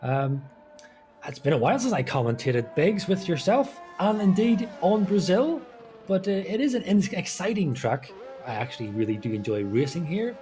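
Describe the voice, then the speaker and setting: A man's voice: sits high, big pitch swings, normal speed, dark tone, faint music behind. A man co-commentating a sim racing event, talking through driving technique with self-deprecating humor.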